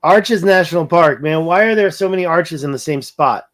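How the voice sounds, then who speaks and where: Hosting a laid-back livestream, this man speaks at an ordinary pace in a somewhat high, slightly bright voice. He wanders from thought to thought, musing out loud while moving over a map and going through what his viewers write in chat.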